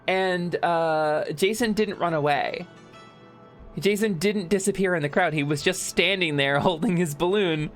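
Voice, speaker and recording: A young woman streaming a video game, chatting casually with her viewers, joking around and yelling playful bits. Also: on the low side. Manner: animated, joking, shouts bits and laughs often.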